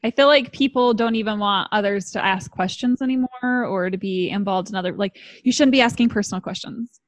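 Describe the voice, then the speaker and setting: A woman in her thirties hosting a casual podcast chat, quick to react and laugh. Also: mid-range voice, no room sound. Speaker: podcast host.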